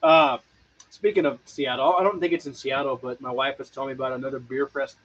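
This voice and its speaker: A man's voice: mid-range voice, steady tone, fast, fairly bright tone, lo-fi sound. A man co-hosting a homebrewing show, chatting casually, laughing often and stumbling over his words. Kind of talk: casual chat.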